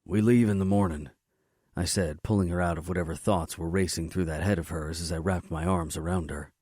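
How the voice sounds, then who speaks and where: A man narrating a romance audiobook in the first person, matter-of-fact and low-key. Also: level tone, fairly quick, a little mellow, breathy edge, no echo, clean studio sound.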